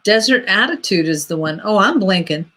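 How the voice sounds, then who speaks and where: On a video call, a woman co-hosts a casual livestream, chatting, laughing often and working through tech trouble. Her medium-pitched voice is expressive, pushed and bright at a moderate pace, picked up by a computer mic.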